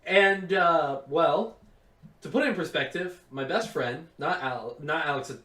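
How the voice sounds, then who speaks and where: A young man co-hosting a podcast, telling a story in a rambling, profane, animated way. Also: on the high side, unhurried. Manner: rambling, profane, animated retelling with quoted voices. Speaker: podcast co-host. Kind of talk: casual storytelling chat. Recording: roomy, far from mic.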